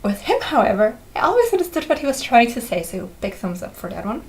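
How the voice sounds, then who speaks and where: A woman's voice: fairly high pitch, sing-song, fast, a little mellow, slight background noise, poor audio. A young woman from Austria whose first language is German, chatting casually and enthusiastically in a review vlog. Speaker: vlogger.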